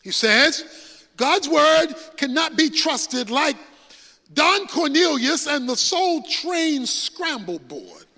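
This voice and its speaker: A man's voice: very high voice, lively intonation, slow, sharp tone. A man preaching a sermon with rising emphasis and folksy storytelling before a congregation. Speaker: pastor. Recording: reverberant hall recording.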